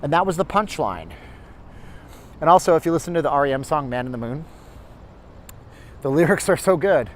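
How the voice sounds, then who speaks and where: A man's voice: a little high, very animated, a little fast, long pauses, slight background noise. Chatty man livestreaming on a street. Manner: chatty, rambling, talks to chat viewers. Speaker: livestream host. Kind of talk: casual walking livestream commentary. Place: outdoors on a city street, walking.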